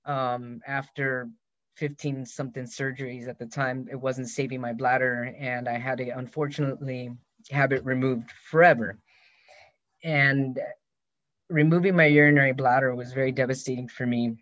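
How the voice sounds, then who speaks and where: A man hosts a personal podcast and tells a long story in a rambling, heartfelt way. He gets lively whenever he quotes his friend. The recording is dull and lo-fi, with a dry, close sound. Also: mid-range voice, normal speed, dry recording. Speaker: podcast host.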